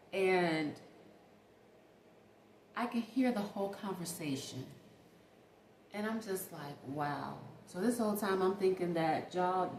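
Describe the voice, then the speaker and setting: A woman's voice: fairly low pitch, darkish tone, a little hiss or hum. A woman vlogger telling a story in a chatty, emphatic way, talking straight to her viewers. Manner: chatty, emphatic, addresses viewers as baby and y'all. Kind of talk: casual storytime monologue. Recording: echoey room with faint ambience.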